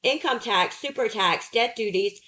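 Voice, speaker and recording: A woman narrating an audiobook, reading essay prose in a measured, steady way. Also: fairly high pitch, low-quality recording.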